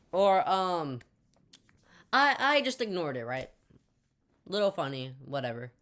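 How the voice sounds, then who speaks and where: A woman's voice: on the low side, animated, slow, long pauses, fairly bright tone. Rambling young woman telling a story. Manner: rambling, full of jokey asides. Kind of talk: casual storytime narration.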